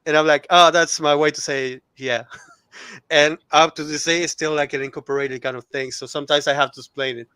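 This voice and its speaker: Animated man with a Spanish-speaking accent. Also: fairly high pitch, brisk, clean tone, no room sound. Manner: animated anecdote telling, laughs. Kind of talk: casual chat.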